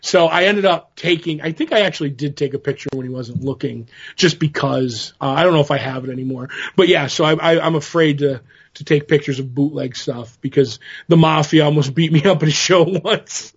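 A man's voice: on the high side, a little fast, breathy edge, dull audio. A man co-hosting a podcast in casual chat, rambling through stories with many fillers and restarts. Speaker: podcast co-host.

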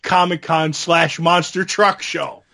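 A middle-aged man with a slightly high-pitched voice co-hosts a casual podcast. He tells long, rambling anecdotes and breaks into a laugh now and then. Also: steady tone, slow pace, vocal fry, sharp tone. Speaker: podcast co-host. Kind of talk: casual chat.

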